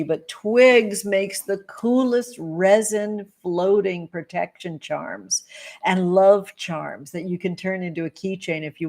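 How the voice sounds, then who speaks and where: Woman, livestream host, gushing, affectionate, pet names, lowish voice. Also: a little mellow. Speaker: livestream host, tarot reader and witch. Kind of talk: casual livestream chat with viewers.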